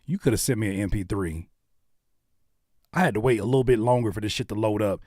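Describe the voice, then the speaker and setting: A man's voice: lowish voice, quick pace, a little mellow, no room sound, clean studio sound. A man hosting a livestream, giving blunt, coaching critiques of submitted songs. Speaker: music reviewer and livestream host.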